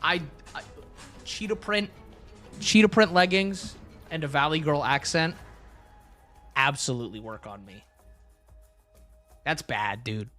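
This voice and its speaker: A man's voice: a little high, a little slow, long pauses, sharp tone, faint music behind. A young man streaming live, chatting casually with his chat in a blunt, crude, rambling way.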